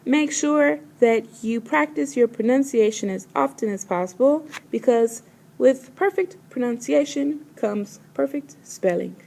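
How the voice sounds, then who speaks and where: A woman's voice: fairly high pitch, gravelly, darkish tone. A woman teacher leading a vocabulary pronunciation lesson, saying each word carefully and repeating it. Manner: slow, careful pronunciation with words repeated twice.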